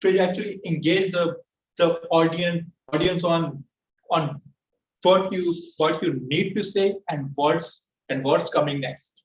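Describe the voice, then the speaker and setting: A man with a Pakistani English accent evaluating a speech at a club meeting, halting and repeating his words often. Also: a little high. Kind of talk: giving spoken feedback at a club meeting. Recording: echoey room from far off, faint noise.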